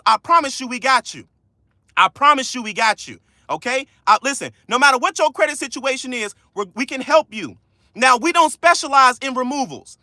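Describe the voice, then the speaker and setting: A man coaching viewers on a livestream, loud, slangy and preachy, repeating key lines. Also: very high voice, dry recording, clean studio sound. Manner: casual slangy speech. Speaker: credit coach hosting a livestream. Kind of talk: motivational livestream talk.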